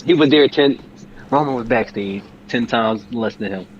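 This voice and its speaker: A man co-hosting a casual chat, talking in an excitable, slangy way with many restarts, on a dull, lo-fi recording. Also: medium pitch, normal speed, slight background noise. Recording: dull lo-fi sound.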